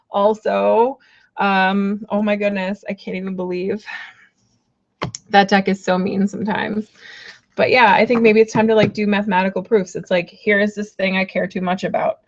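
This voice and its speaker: A woman's voice: mid-range voice, lo-fi sound. Giggly rambling woman reading cards. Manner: giggly, apologetic, rambling with many fillers. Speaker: card reader on a live stream. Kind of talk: casual live-stream chat.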